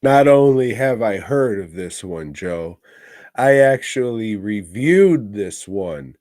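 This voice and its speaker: Slow-talking man making dry wisecracks. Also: fairly low pitch, expressive, a little mellow, no echo. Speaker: podcast co-host. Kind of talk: casual comedy movie review.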